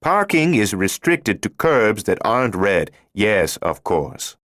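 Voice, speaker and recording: A man's voice: lowish voice, very animated, takes it slowly, a bit bright, full character voice. A man doing a stiff German officer. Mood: guarded. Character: tense German male undercover officer, stiff and careful.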